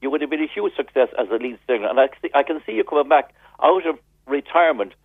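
A man's voice: medium pitch, animated, fast, breathy edge, no echo. A man, calling in to chat, rambling and repeating his words. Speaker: caller. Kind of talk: casual chat. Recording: tinny phone line.

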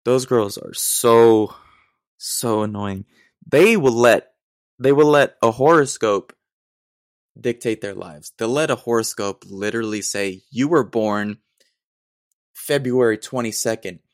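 A man's voice: mid-range voice, unhurried, dry recording, clean studio sound. A young man hosting a solo podcast, telling stories in a rambling, self-deprecating way with acted asides. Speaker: podcast host. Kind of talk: casual solo monologue.

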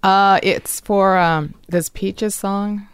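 Female guest, gravelly but smooth, laconic and dry, quiet. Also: steady tone, drawn-out words, no echo. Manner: laconic, dry, low-key, soft-spoken. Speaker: musician guest. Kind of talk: casual interview chat.

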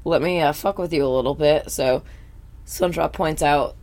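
A podcast host recapping a cartoon in casual chat, blunt and animated with heavy swearing. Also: mid-range voice, normal speed.

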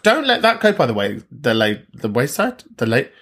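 A man's voice: mid-range voice, big pitch swings, fairly quick, few pauses, a bit bright, husky. A man hosting a podcast, chatting casually and swearing freely as he reacts to listener messages. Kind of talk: casual chat.

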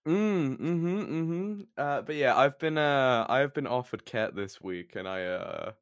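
A man's voice: medium pitch, expressive, measured pace, smooth, no echo, clean studio sound. A man co-hosting a podcast, telling a story in casual chat, rambling with lots of fillers and restarts. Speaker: podcast co-host. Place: shared student flat.

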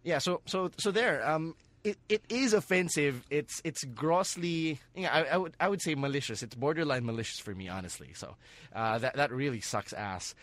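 A man's voice: a little high, animated, normal speed, a bit bright, no echo. Blunt, swearing podcast man. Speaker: podcast co-host. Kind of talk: casual wrestling chat.

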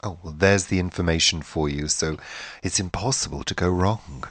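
A middle-aged man with a very low, deep voice co-hosts a podcast in loose, casual chat. He teases his partner with dry, mock-grumpy banter. The sound is close and dry. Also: moderate pace, a bit bright, dry recording. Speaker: podcast co-host.

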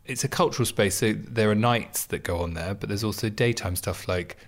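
Low-voiced chatty man with wry asides. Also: a little fast. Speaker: podcast co-host. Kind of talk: casual chat.

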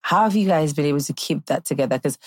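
A woman's voice: low-pitched, quick pace, breathy edge. Chatty, teasing female podcast host. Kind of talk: casual chat.

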